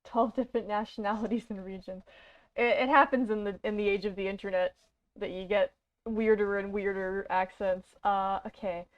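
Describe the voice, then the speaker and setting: A woman's voice: mid-range voice, fairly even intonation, moderate pace. Rambling Canadian woman streamer. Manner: rambling, self-deprecating, many fillers. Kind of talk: casual let's-play chat. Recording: dull lo-fi stream audio.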